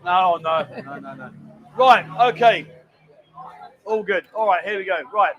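A man's voice: sits high, unhurried, a bit bright, rough recording. A middle-aged man hosting a live stream, chatty and bantering as he rambles along. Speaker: livestream host. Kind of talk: casual live-stream chat.

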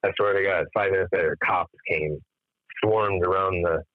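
Deep-voiced man on a tinny phone line. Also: moderate pace, no echo. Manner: animated storyteller, swears freely, acts out quoted dialogue. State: tired after staying up all night. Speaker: musician guest. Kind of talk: casual phone interview storytelling.

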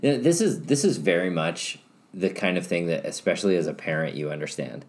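A man co-hosting a casual couples podcast, speaking calmly and finishing his partner's sentences. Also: deep voice, a little fast. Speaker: podcast co-host.

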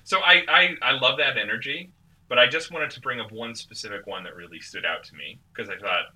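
Bright-voiced giggly podcast host man. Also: medium pitch, a little fast, far from the mic, rough recording. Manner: rambling, giggly, lots of fillers. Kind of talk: casual chat.

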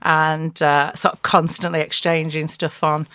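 A middle-aged woman from Oldham with a Scouse-tinged accent, chatting as a podcast guest, laughing often and talking quickly. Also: sits low, flat delivery, pushed and bright, clear, resonant tone, no echo. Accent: Liverpool Scouse twang over Oldham. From Oldham, Greater Manchester, England. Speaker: guest, commercial litigator. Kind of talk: casual podcast interview.

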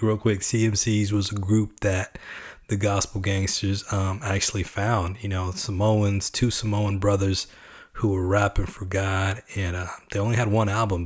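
A man from Texas talks through his podcast in an easy, chatty way, clearly excited about the songs he plays. His voice sits low and stays fairly level, without much rise and fall. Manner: relaxed, chatty, enthusiastic about the music. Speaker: podcast host. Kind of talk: casual podcast commentary on songs.

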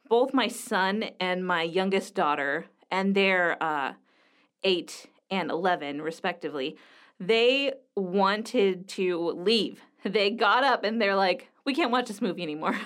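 A woman in her thirties, a mother, gives a casual movie review. She talks in a chatty, enthusiastic way, dotted with ums and uhs. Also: medium pitch. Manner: chatty, enthusiastic, with frequent fillers.

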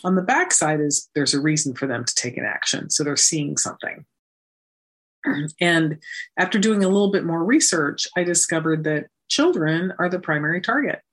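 A woman guest in an interview, telling her story with lively emphasis and acting out the dialogue. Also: deep voice, moderate pace. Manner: animated, emphatic, acts out quoted dialogue. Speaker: guest, nonprofit founder.

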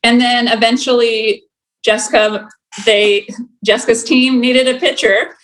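A woman's voice: a little high, level tone, measured pace, a bit bright, low-quality recording. A young woman telling a personal story in casual chat, laughing often and filling her talk with "like". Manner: chatty, laughs often, many "like" fillers.

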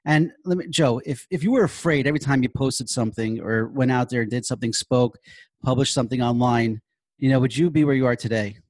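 Man, podcast host, casual interview, enthusiastic and affirming, mid pitch, dry sound. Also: fairly quick, darkish tone, no room sound.

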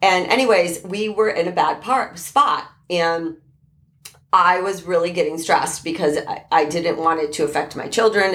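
A woman's voice: fairly low pitch, fairly bright tone. A middle-aged woman speaking as a life coach in an earnest motivational talk, repeating key phrases for emphasis.

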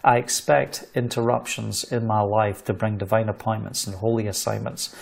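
This middle-aged British man has a fairly low voice with vocal fry, speaking at normal speed with few pauses. He delivers a sermon as an animated story, acting out the voices of the people in it.

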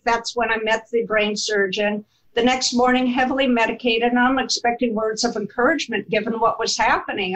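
A woman telling a personal story in an interview, animated and laughing as she goes. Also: fairly high pitch, rough recording. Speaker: guest telling her life story.

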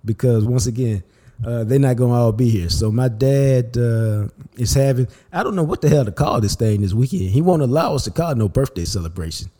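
A man hosting a sports podcast in a casual, animated, slangy style. His voice is warm and relaxed, pitched in the ordinary middle range for a man. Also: fairly quick.

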